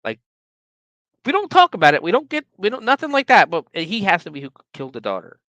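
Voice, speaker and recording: Profane, lively podcast host ranting. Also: medium pitch, fast, no echo, highs cut off. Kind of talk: casual movie recap.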